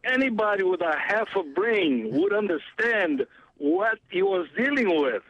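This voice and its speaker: A man with a foreign accent telling a lively story as a radio guest, laughing often and acting out the voices of others. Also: high voice, a little slow, no room sound, lo-fi sound. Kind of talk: storytelling on a talk radio show.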